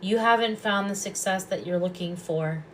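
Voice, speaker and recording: A woman giving intuitive readings on a live stream. She talks calmly and softly and often repeats her phrases. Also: mid-range voice, normal speed, slight background noise. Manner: calm, soft-spoken, repeats phrases. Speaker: psychic reader and past life regressionist.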